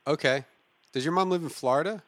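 A man's voice: a little high, a little fast, no echo. A man riffing and reacting in casual podcast chat. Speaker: podcast co-host.

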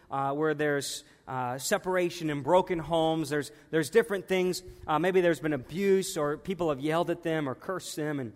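Man preaching, high voice, conversational sermon, emphatic repetition, long church-hall reverb.

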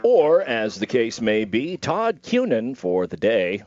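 A man's voice: medium pitch, wildly swooping pitch, takes it slowly, darkish tone, highs cut off, soft background music. A man hosting a radio talk show in a studio, jokey and self-mocking, laughing often.

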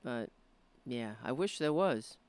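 A woman hosting her own show, rambling and rallying her supporters with a hoarse, cracking voice. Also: extremely low pitch, expressive, slow pace, darkish tone. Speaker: livestream show host. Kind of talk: casual livestream chat.

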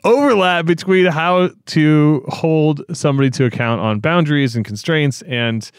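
A man's voice: on the high side, normal speed, smooth, dry recording, clean studio sound. A man hosting a podcast, reflecting enthusiastically on what his guest has said. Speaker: podcast host. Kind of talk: casual podcast conversation.

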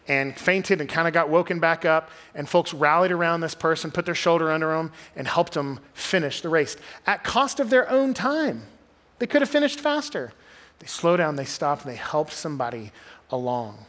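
Groups pastor, young man, talky sermon storyteller with a fairly high voice. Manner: conversational storytelling, drops to quiet intensity.

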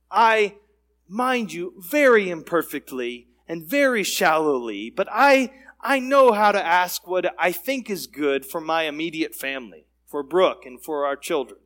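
A man's voice: high voice, fairly bright tone. A middle-aged man, a pastor, preaching a sermon with an emphatic, repetitive cadence.

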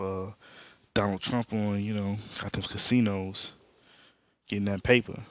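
A man's voice: on the low side, fairly bright tone, no echo. A man hosting a podcast, casually recapping a comic book storyline in loose, slangy storytelling with spoken sound effects. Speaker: podcast host.

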